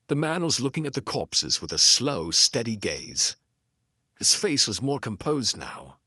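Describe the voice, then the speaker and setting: A man narrating a pulp noir audiobook and then chatting casually about the stories, with animated, chatty asides. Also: lowish voice, measured pace, breathy edge, no echo, clean studio sound. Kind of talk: reading pulp fiction, then casual commentary.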